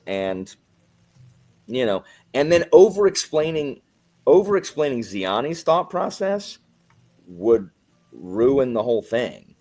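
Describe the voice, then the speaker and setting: A man's voice: mid-range voice, big pitch swings, measured pace, a little mellow. A man in casual book-club chat, ranting with sarcasm and putting on mock quotes. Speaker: book club podcast host.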